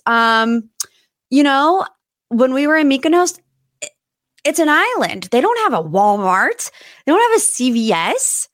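A woman in her thirties hosting a casual solo podcast, chatty and emotional, her voice jumping high when she gets excited. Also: a little slow, no echo, clean studio sound. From United States. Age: 30s. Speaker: podcast host.

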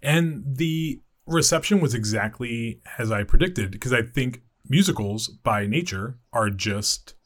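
Man, podcast co-host, mid-pitch voice, chatty, laughs easily. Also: animated, unhurried, few pauses, fairly bright tone. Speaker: film awards editor, podcast host. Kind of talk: casual chat.

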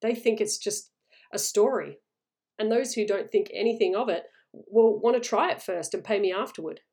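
A woman's voice: medium pitch, normal speed, a little mellow, close to an everyday voice. Lady doing a solemn old soldier guy, grim and warning, storybook reading. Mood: grave. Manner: serious, warning tone. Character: grave older male soldier, haunted and solemn.

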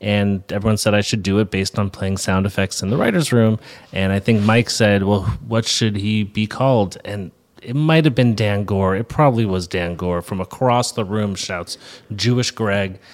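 A man's voice: on the low side, normal speed. A man guest on a podcast, telling an anecdote in a wry, amused way. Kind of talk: casual chat.

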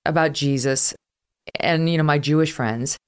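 Low-voiced chatty woman hosting. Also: clear, resonant tone. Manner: chatty, quick, laughs often, tells family anecdotes. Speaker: podcast host. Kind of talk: conversational interview.

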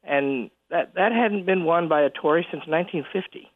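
A man being interviewed on the radio as a college president, chuckling often and talking in halting bursts with many restarts. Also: on the high side, no echo. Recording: tinny phone line.

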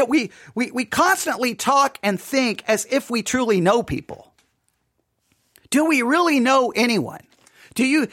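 A man preaching a sermon, emphatic and repetitive, firing off rhetorical questions and sometimes dropping into quiet asides. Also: very high-pitched, no room sound, studio quality.

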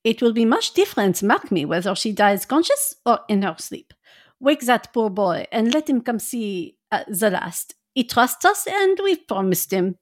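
A grave older doctor gives firm orders in a measured, commanding way, as a woman reader voices him. The pitch rises and falls with strong inflection. It has the feel of a storybook read aloud. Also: very animated. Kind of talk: dramatic reading.

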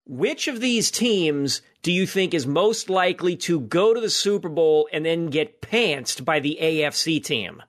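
A man's voice: on the high side, lively intonation, a little slow, hardly any pauses, a bit bright. Rambling man telling a story. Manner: rambling anecdotes with fillers. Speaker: podcast co-host. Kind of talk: casual sports chat, storytelling.

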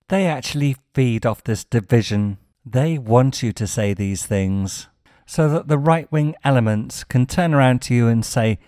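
British male podcast host, sardonic and wry, mid pitch, dry close recording. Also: expressive, moderate pace, warm tone, no room sound. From Britain. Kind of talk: satirical political commentary. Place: home in Spain.

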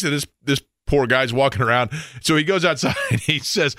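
A man, hosting a sports radio show and telling stories in a casual, animated way. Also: medium pitch, brisk, few pauses, no room sound, studio quality. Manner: storytelling, animated in quoted bits.

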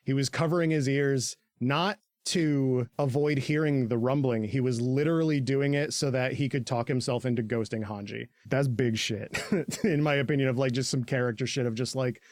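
A man's voice: medium pitch, normal speed, a little mellow, dry recording, clean studio sound. A man co-hosting a podcast, recapping an episode in casual chat, laughing often, swearing freely and slipping into goofy voices for the characters. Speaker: podcast co-host.

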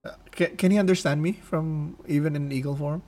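A man playing a tabletop game, talking loudly and animatedly about his character's actions. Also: on the high side, fairly even intonation, a little fast. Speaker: player.

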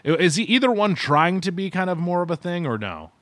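A man's voice: sits high, sing-song, brisk, a bit bright, no room sound. A man co-hosting a podcast, giving a rambling, meandering casual food review. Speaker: podcast co-host. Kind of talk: casual chat.

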